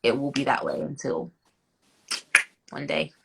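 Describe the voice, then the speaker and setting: A woman in her twenties with a British accent talks as an interview guest in a very deep voice with vocal fry, fairly even intonation, and a measured pace. She reflects thoughtfully, uses many fillers and restarts, and laughs when recounting stories. The recording is very noisy.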